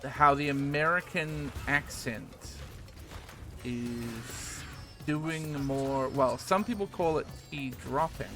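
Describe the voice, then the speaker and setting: A man with a New Zealand accent chatting casually on a game stream, rambling with fillers and casual swearing. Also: mid-range voice. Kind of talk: casual gaming stream chat. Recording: music playing behind the voice.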